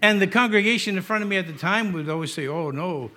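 Middle-aged pastor, New York accent, ringing tone, chatty sermon full of wisecracks. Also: male voice, sits high, rapid-fire, pushed and bright. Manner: joking, conversational preaching with asides.

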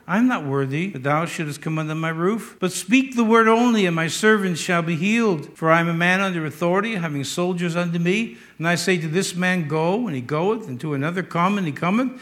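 Older pastor guy preaching, high ringing voice, gets loud then drops quiet. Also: brisk, few pauses. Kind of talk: sermon.

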